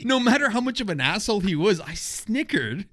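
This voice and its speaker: Male podcast host, animated storyteller, higher-than-average voice with a wide range, profane and chatty. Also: a little fast. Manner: animated, profane, frequent "right?" tag. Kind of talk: casual storytelling.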